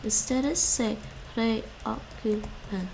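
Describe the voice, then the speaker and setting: A woman's voice: fairly high pitch, very slow, creaky, background noise. A woman streaming her language study, thinking aloud, correcting herself and explaining grammar as she goes.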